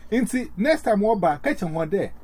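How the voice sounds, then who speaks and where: Rambling man, lively voice. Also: sits high. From Ghana. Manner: rambling, halting, many fillers and restarts. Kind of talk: casual chat.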